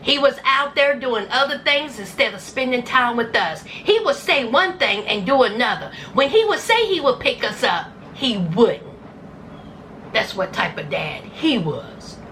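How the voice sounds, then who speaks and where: Sassy high-voiced woman recapping reality TV. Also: very animated, measured pace, a bit bright, a little hiss or hum, poor audio. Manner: sassy, sarcastic, acts out scenes in put-on voices. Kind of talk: casual recap commentary.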